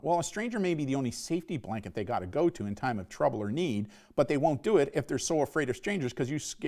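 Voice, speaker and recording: A middle-aged man giving a live online safety talk to parents, emphatic and often tagging his points with "right?". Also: a little high. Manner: emphatic, repeats "right?" as a tag.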